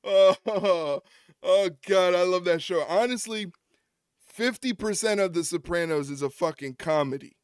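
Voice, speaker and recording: A man's voice: high voice, measured pace, smooth, no room sound, clean studio sound. A man streaming, talking in a loose, profane, casual chat and laughing a lot.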